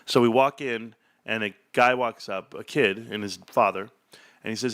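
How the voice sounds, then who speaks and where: A man hosting an investing chat, telling a store story with lively acted-out dialogue. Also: medium pitch, normal speed. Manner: animated storyteller acting out shop dialogue. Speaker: stock channel host.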